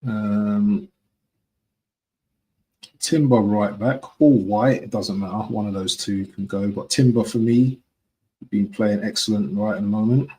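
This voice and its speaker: A man's voice: on the low side, steady tone, a little slow, long pauses, mellow, low-quality recording. A man from talking casually to his viewers on a live stream, repeating himself and often asking "yeah?". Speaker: football fan streamer.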